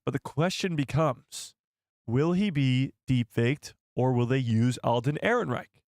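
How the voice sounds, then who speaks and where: A man hosting a casual live stream and chatting with viewers, with a hoarse voice that is almost gone. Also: medium pitch, unhurried, dry recording, studio quality. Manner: laughing fits, excitable, chatty with viewers. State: losing his voice. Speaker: YouTube livestream host. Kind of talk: casual livestream chat.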